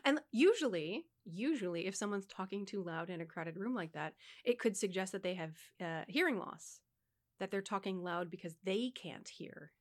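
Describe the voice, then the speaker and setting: A woman's voice: mid-range voice, expressive, moderate pace. A woman co-hosting a casual podcast conversation, explaining things like a voice teacher, frank and instructive.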